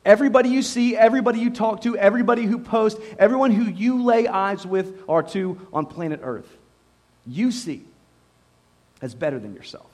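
A man's voice: sits high, lively intonation, normal speed, darkish tone. A man preaching a sermon to a live congregation in a conversational way, repeating words and often saying "you know". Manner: speaks to a live congregation, asks them questions. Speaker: pastor. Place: church service before a congregation.

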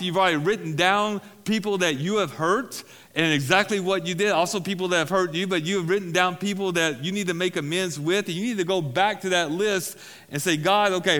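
A pastor preaches at a recovery-group meeting in a church hall, speaking casually, repeating key phrases and making self-deprecating asides. His high voice is a bit bright and echoes through the large hall.

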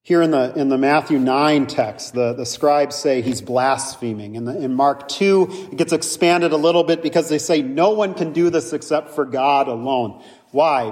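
A man's voice: medium pitch, darkish tone, big-room sound. A man, a pastor, preaching a conversational sermon full of rhetorical questions.

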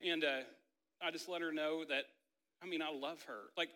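Speaking at a moderate pace in a high-leaning, steady, sharp voice, this thirtysomething pastor preaches casually. His sermon centers on a personal family story full of "like" and "right?", captured with a long hall reverb.

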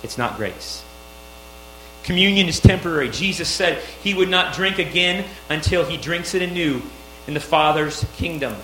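A man's voice: on the high side, normal speed, fairly bright tone. A male pastor preaching a sermon, emphatic and rising on key phrases. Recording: echoey room with mains hum.

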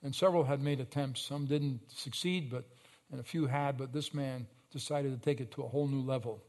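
A male pastor preaching a sermon, telling stories with sudden loud surges and slow, emphatic phrases. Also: mid-range voice, fairly even intonation.

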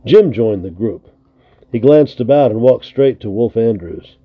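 A man's voice: mid-range voice, animated, a little slow, no room sound. Man reading a storybook aloud, tinny sound. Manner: friendly, addresses young listeners. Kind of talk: read-aloud storybook narration for children. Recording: tinny narrow lo-fi recording.

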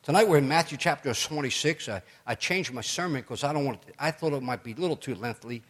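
A middle-aged man preaching a sermon as pastor, chatty and animated, telling stories with joking asides. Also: mid-range voice, fast.

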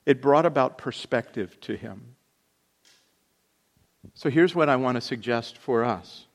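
Man, pastor, sermon, earnest, middle pitch, emphatic then quiet. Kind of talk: sermon with scripture reading.

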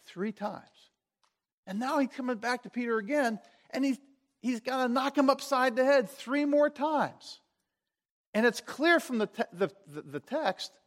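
A man preaching a sermon, retelling a story and asking his listeners questions. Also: very high-pitched. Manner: storytelling, animated, asks the audience questions.

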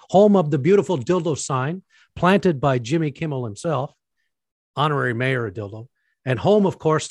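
A podcast host and preacher from Newfoundland chats casually with his brother, jovial and self-mocking and laughing often. His voice is on the high side and a little mellow, in a dry recording.

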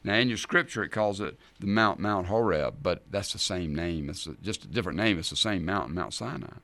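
A male pastor preaching a sermon in an animated way, acting out the scripture he reads. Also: sits low, fairly quick, creaky, no room sound. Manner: animated, dramatizes scripture in voices.

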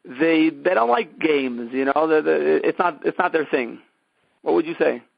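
A man's voice: on the high side, lively intonation, unhurried, creaky, dry recording. A man hosting, asking thoughtful questions with many hesitant fillers. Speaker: host. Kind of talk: interview questions. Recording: dull, dry lo-fi sound.

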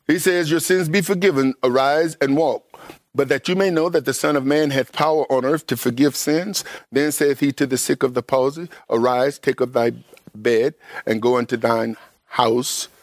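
A man preaching a sermon to his congregation, emphatic and conversational, with everyday vernacular, often jumping up high in pitch to stress a point. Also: steady tone, normal speed, no echo, clean studio sound.

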